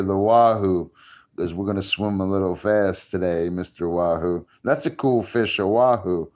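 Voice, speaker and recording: A tipsy fishing vlogger rambles through a casual monologue, profane and boastful, laughing at himself as he mixes fish science with street slang. His voice sits on the low side with a darkish tone.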